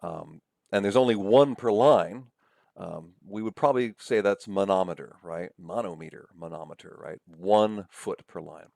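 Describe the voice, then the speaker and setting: Low gravelly male lecturer, dry sound. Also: moderate pace, a little mellow, no room sound. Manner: conversational, frequent "right?" and "okay?" check-ins. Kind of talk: recorded slide lecture.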